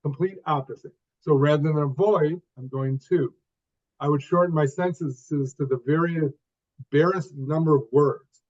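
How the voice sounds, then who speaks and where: An older man from the United States, telling his own story as an interview guest in short phrases, with pauses and repeated starts. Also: on the high side, steady tone, darkish tone. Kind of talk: conversational storytelling. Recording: dull lo-fi sound.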